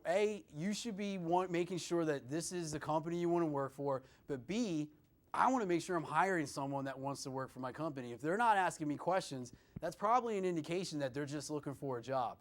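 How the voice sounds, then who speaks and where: A man with a somewhat high voice coaching students on job interviews. He talks in an animated, conversational way, keeps calling the listeners "guys" and leans on "you know" as he goes. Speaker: career services presenter. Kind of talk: instructional talk to students.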